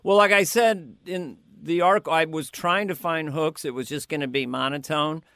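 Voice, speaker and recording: A male comedian chatting in an interview, lively and quick to slip into impressions. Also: fairly high pitch, smooth, no room sound, studio quality. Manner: animated, slips into quick impressions and sings snatches. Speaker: comedian guest. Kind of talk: casual interview chat with impressions.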